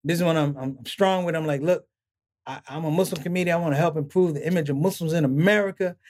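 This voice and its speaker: On a podcast, a middle-aged male comedian speaks fast in a voice on the high side. He tells long, animated stories in a laid-back interview, voicing the people he quotes and laughing through them.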